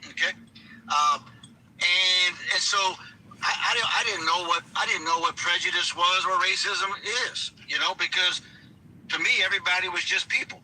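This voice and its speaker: A man calling in to a livestream while driving his car, talking haltingly with many restarts. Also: high-pitched, fairly even intonation, bright, forceful tone, slight background noise, poor audio. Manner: hesitant, restarts often. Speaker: caller. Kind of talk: casual phone-in chat.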